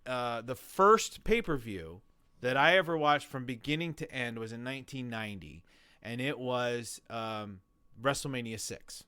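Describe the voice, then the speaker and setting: A man in his forties, a guest telling a long story in an interview, animated and rambling, full of restarts and acted-out quotes. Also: medium pitch, measured pace, clear, resonant tone, no echo. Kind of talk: conversational storytelling.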